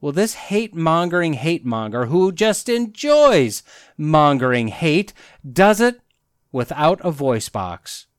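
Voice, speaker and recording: A man hosting a podcast, delivering sarcastic satirical commentary with deadpan mock outrage and ironic asides. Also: a little high, measured pace, clean tone, dry recording, studio quality. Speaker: podcast host.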